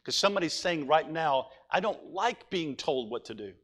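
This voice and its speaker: High-voiced guy preaching, reads verses then gets loud and pleading. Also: animated, normal speed. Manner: reads scripture aloud then preaches, rising to urgent pleading. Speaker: pastor. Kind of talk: sermon.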